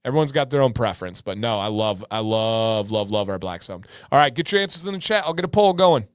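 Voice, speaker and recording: A man hosting a livestream in casual chat, energetic and talkative, often repeating words for emphasis. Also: lowish voice, brisk, clean tone, dry recording, soft background music. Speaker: livestream host.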